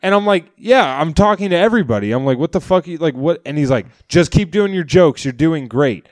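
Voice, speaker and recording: His voice is a little high and his delivery a little fast as the stand-up comic, also a podcast co-host, chats through an animated story. He acts out what people said and swears a lot, captured in echo-free studio quality.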